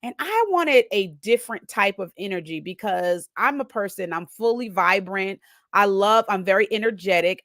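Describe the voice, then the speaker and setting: A woman hosting her own talk, telling a personal story in an animated way, acting out her inner thoughts and often adding "right?". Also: mid-range voice, gravelly, no room sound, clean studio sound. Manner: frequently adds "right?" tags. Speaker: host.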